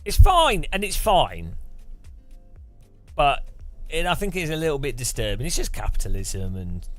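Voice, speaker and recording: A man's voice: a little high, wildly swooping pitch, moderate pace, no room sound, soft background music. A man chatting casually on a live stream, rambling and musing with frequent restarts.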